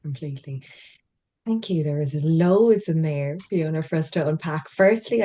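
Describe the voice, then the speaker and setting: A woman hosts a conversational interview in a deep, mellow voice. She is effusive and affirming toward her guest, and she strings her points together with plenty of filler phrases. Her tone stays low and soft throughout. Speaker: interview host.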